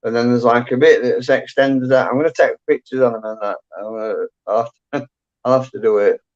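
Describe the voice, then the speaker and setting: A man's voice: mid-range voice, steady tone, fairly quick. A man hosting a casual livestream chat from home, rambling and full of fillers. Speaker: livestream host. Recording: dull lo-fi sound.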